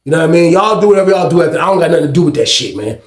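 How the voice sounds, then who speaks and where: Animated storyteller man, high voice. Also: racing, roomy sound. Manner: animated, acts out shouted quotes in a raised voice; heavy profanity and slang. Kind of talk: casual storytime about prison.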